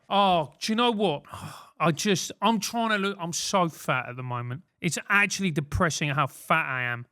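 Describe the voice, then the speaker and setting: High, bright-voiced British man ranting. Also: lively intonation, moderate pace. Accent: British English. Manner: ranting, sardonic, self-mocking. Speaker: podcast host giving advice. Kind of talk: comedic advice monologue. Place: London.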